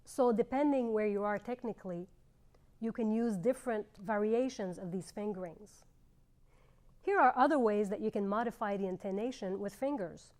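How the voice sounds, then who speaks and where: A middle-aged woman teaching clarinet, explaining fingerings in a clear, measured way with pauses. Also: medium pitch, a little mellow. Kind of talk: instructional demonstration.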